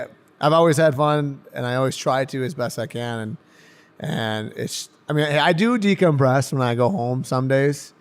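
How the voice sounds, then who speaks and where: An excitable man who laughs his way through his stories on a podcast, his voice climbing whenever he gets going. The tone is smooth and resonant, with a relaxed, chatty flow. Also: mid-range voice. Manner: animated storyteller who laughs often and gets loud when excited. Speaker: pro hockey defenseman guest. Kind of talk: casual podcast interview.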